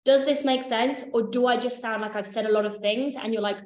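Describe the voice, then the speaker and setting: On the high side, steady and brisk, a woman's voice leads a workshop recorded in an echoey room. She teaches in a chatty, easygoing manner, swearing offhand and making sure everyone keeps up.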